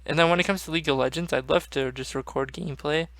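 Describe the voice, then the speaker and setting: A man's voice: on the high side, fairly even intonation, fast talker, gravelly, fairly bright tone, no room sound. A young man hosting a gaming channel, rambling casually and swearing often. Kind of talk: casual gaming vlog chat.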